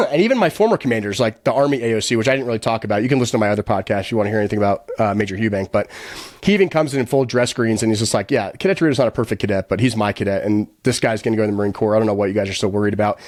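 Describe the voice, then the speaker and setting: A young man telling his own story as a podcast guest, blunt and profane, with quick acted-out quotes. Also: lowish voice, a little mellow, dry recording, studio quality. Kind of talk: candid storytelling.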